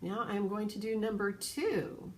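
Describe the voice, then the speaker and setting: A woman teaching a children's piano lesson, patient and clear, now and then singing solfege syllables. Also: mid-range voice, a little slow. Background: piano playing.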